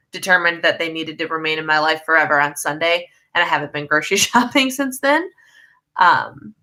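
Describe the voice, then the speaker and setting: Chatty bright-voiced Midwestern woman livestreaming. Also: mid-range voice. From United States. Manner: chatty, rambling, laughs mid-sentence. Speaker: livestream host reading viewer comments. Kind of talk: casual live chat.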